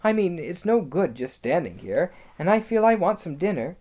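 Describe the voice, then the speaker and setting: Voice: mid-range voice, sing-song, moderate pace, dark tone, voice pushed up. A reader voicing Susan, a sensible, cautious older girl who speaks in an urgent, raised voice. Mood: practical.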